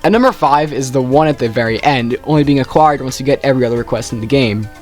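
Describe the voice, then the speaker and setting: A man's voice: mid-range voice, fast, darkish tone, faint music behind. A young man casually ranking video game quests, rambling and correcting himself often. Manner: rambling, self-correcting, with frequent "like". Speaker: gaming youtuber.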